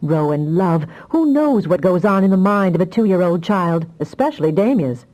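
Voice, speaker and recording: A woman reading an audiobook voices a calm, affectionate husband who talks in a gentle, teasing way. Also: fairly low pitch, moderate pace, natural voice, poor audio. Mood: gently teasing.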